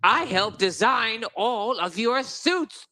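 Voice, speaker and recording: A man voicing a pompous male gnome lord who designs suits, talking slowly and self-importantly. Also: extremely high pitch, lively intonation, pushed and bright, pitched above the performer's own voice, heavily acted. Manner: slow, stately and self-important.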